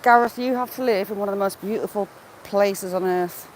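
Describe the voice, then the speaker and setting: A woman with a medium-pitched voice talks a little fast as she vlogs a walk beside a wooded river, chatting casually and greeting viewers by name in a live-stream style. The recording is rough, with faint outdoor noise in the background.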